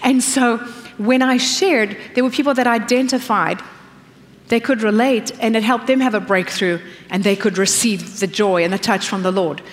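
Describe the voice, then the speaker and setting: A middle-aged woman pastor preaching a sermon, animated and acting out the voices she quotes. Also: a little high, normal speed, long reverb tail.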